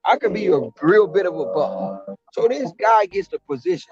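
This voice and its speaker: A man hosting a casual chat, telling animated stories, swearing freely and acting out what people said. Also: sits high, fairly quick, muffled recording, music in the background. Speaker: host, delivery driver.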